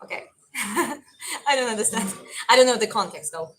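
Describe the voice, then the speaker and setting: A woman's voice: fairly high pitch, animated, a little fast, poor audio. A young woman with a mild Eastern European accent, chatting casually as a stream host and answering viewer comments. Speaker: livestream host and boxing coach.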